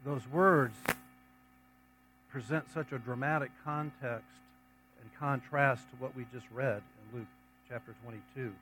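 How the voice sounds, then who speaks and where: A man's voice: mid-range voice, fairly even intonation, unhurried, pauses often, a bit bright, a little hiss or hum, poor audio. A man preaching a sermon, reading scripture passages aloud and then commenting on them in a conversational way.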